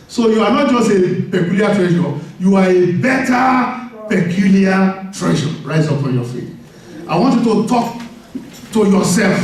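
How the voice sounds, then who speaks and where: A high-pitched man preaches with animated energy, laughing often and calling out for responses from the congregation. His voice sounds set back from the mic, ringing through a very echoey church hall. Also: recorded from a distance. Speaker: pastor. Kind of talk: sermon.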